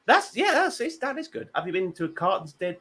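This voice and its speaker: A man hosting a comedy panel show, telling stories in an animated, self-mocking way. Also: high voice, fairly quick, background noise. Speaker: host.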